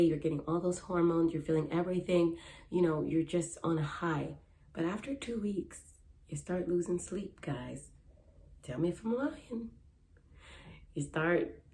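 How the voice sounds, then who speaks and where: A young adult woman who works as a matchmaker speaks earnestly in a casual advice vlog, repeating her main points. Her voice is mellow and on the low side, at a moderate pace.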